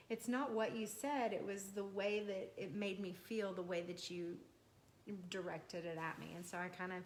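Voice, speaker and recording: A woman's voice: medium pitch, fairly bright tone, a little hiss or hum. A woman co-teaching a talk on marriage, earnest and personal, telling stories about her own home life. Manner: earnest, storytelling, laughs often. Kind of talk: sermon-style couple talk.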